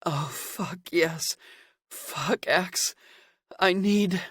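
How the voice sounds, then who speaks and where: Man doing a needy young man, high pleading whimper, breathless, dry close sound, audiobook. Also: slow pace, fairly bright tone, no echo.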